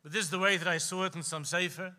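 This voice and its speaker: High, very bright impassioned rabbi. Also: male voice, steady tone. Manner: impassioned storytelling, slows for emphasis, drops low and quiet at key lines. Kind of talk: sermon at a gathering. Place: live event hall.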